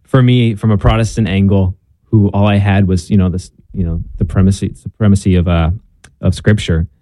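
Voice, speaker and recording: Young male guest, earnest, self-deprecating storyteller; low warm voice, dry sound. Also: steady tone, brisk, dry recording. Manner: earnest, self-deprecating, with frequent ums and restarts. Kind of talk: casual conversation about faith.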